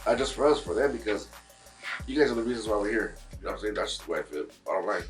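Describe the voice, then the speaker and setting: A man's voice: lowish voice, animated, rapid-fire, faint music behind, poor audio. A man, a guest musician in casual chat in a barbershop, telling a long story with many fillers and restarts.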